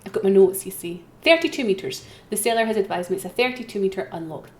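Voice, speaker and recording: A woman's voice: mid-range voice, lively intonation, fast talker, darkish tone. Chatty woman calling an auction. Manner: chatty, self-mocking, repeats calls for bids. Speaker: auction host. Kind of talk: live-streamed auction commentary. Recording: roomy echo, faint keyboard typing.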